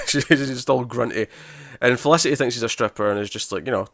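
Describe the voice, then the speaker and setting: A Scottish man co-hosts a podcast, chatting casually at a fairly quick pace in a medium-pitched voice. He's animated and acts out lines from scenes, and the recording has no echo.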